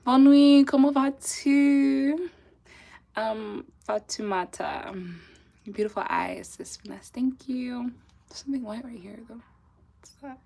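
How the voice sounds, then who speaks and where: A woman's voice: medium pitch, steady tone, a little slow, vocal fry, a little mellow, husky. A young woman from southern Africa hosting a casual live stream, chatty and laughing often, reading out viewers' messages. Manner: chatty, laughs often, sprinkles in French phrases. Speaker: livestream host reading chat.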